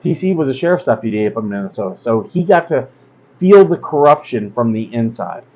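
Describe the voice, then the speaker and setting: A man's voice: medium pitch, expressive, fairly quick, darkish tone, dull audio. A man hosting a casual livestream talk, blunt and rambling, with many fillers and asides. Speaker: host.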